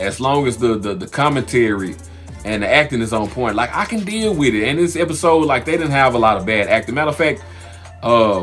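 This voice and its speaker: Guy doing a laid-back tv recap, mid pitch, lots of uh and like, faint music behind. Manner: animated, loose and conversational with many fillers and restarts. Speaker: TV recap host. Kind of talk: casual spoken TV episode review.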